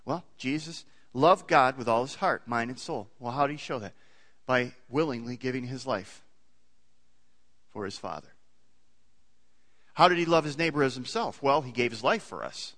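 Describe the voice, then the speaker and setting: A man preaching a sermon as a pastor in a church, animated, with pitch that rises and falls for emphasis, often putting questions to the congregation. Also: moderate pace, pauses often, big-room sound. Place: church sanctuary.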